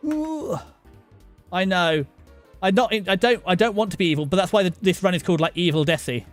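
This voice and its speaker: Faint music plays behind a middle-aged southern English man who streams games and chats away to his audience. His voice sits high and sounds animated, with no echo. He calls out chat members by name and keeps stopping and restarting his sentences.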